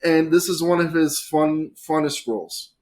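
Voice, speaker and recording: A man chatting casually as a podcast guest, animated and swearing freely, with big swings between loud and quiet. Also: on the high side, moderate pace.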